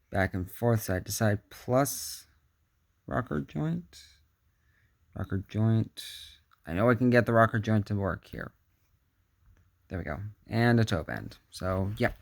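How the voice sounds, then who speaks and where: A man's voice: lowish voice, slow, gravelly, long pauses, no room sound. A man giving a casual hands-on action figure review, chatty and muttering asides to himself as he handles the figure.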